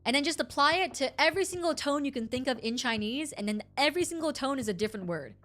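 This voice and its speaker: A woman streamer casually explaining things to her chat in an animated, rambling way, often correcting herself mid-sentence. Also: high voice, fast, faint music behind.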